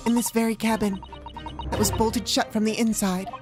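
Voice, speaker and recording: A woman's voice: fairly high pitch, level tone, normal speed, over music, lightly acted. A woman voicing an earnest young female assistant in a game, pleading and formal.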